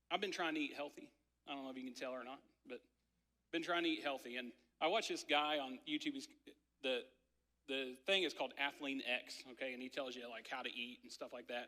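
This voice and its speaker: A man in his thirties preaching a sermon, telling a family story in a conversational, animated way with lots of filler words. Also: medium pitch. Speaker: pastor. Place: church sanctuary. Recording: church hall reverb.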